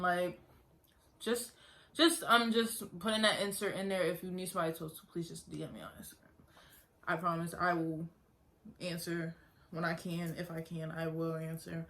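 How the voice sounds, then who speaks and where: A woman's voice: fairly low pitch, sharp tone. A young woman earnestly telling her own story in a casual vlog, talking conversationally and repeating herself. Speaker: vlogger.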